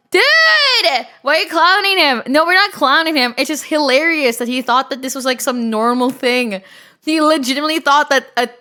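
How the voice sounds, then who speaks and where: A woman streamer talking to her chat in a high, bright, ringing voice. She rambles through stories, swears freely and gets worked up fast. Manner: excitable, swears often, shouts and laughs. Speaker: streamer reacting live. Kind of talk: casual livestream chat.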